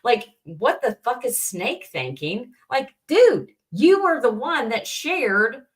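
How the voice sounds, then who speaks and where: A woman's voice: a little high, big pitch swings, takes it slowly. A young adult woman hosting a casual livestream, rambling and exasperated, with many restarts and fillers, greeting viewers from the chat. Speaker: livestream host.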